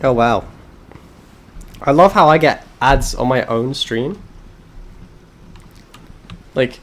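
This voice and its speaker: A man's voice: mid-range voice, fairly bright tone. A man streaming a game live, chatting with his viewers in a sarcastic, self-mocking, joking way. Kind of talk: live gaming stream chat.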